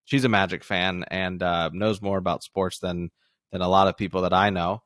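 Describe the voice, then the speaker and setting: A young man with a lowish voice co-hosts a sports podcast, talking in a loose, rambling way full of restarts. The recording is dry and close, with no room sound. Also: little pitch movement, normal speed, a bit bright, no room sound. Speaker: podcast co-host. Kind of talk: casual sports podcast chat.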